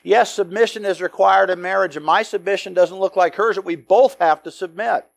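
Man, Bible teacher, high voice, lively storytelling with jokes. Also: fairly quick, gravelly. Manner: animated storytelling with acted-out quotes and joking asides.

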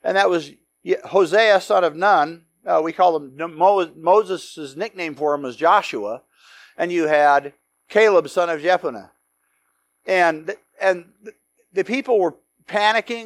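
Man, Bible teacher, high voice, lively storytelling with jokes. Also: measured pace. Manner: animated storytelling with acted-out quotes and joking asides.

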